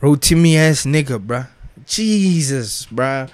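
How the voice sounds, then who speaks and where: A man's voice: medium pitch, expressive, slow pace, a little mellow, no room sound. A young man in a casual, slang-heavy rant as a vlogger, swearing and emphatic, with loose repeated filler words. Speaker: vlogger reviewing a TV show.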